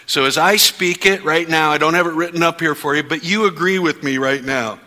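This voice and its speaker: A man's voice: on the high side, brisk, hardly any pauses, bright, forceful tone, in a large hall. A man preaching as pastor to his congregation, leading the room in fervent spoken declarations. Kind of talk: church sermon. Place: church sanctuary.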